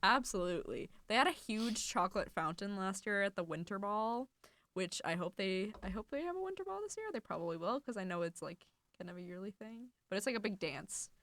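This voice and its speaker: A woman's voice: mid-range voice, expressive, brisk, a bit bright. A young woman co-hosting a college radio show, chatting casually and giggling, with lots of "like". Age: young adult. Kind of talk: casual chat. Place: studio.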